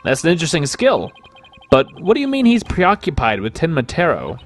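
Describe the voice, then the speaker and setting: A man's voice: on the high side, wildly swooping pitch, brisk. A man voicing an earnest young male defense lawyer in a video game, with a dry, skeptical edge. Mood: wry. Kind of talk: reading game dialogue aloud.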